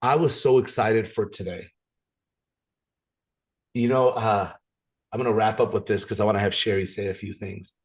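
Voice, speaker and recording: A man leading a motivational business training on a video call, talking with playful, energetic storytelling and frequent restarts. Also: fairly low pitch, normal speed, pauses often.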